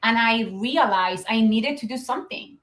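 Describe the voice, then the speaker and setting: A woman's voice: a little high, moderate pace, fairly bright tone, a little hiss or hum. Earnest Chilean-accented woman in an echoey room. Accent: Chilean Spanish. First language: Spanish. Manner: earnest, reflective, with many fillers. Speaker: guest, business founder. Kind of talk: conversational interview.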